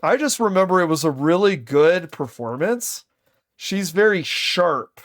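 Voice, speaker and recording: A male streamer reacting to a video in casual chat. He is slangy, keeps saying "dude" and thinks out loud. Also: sits high, expressive, unhurried.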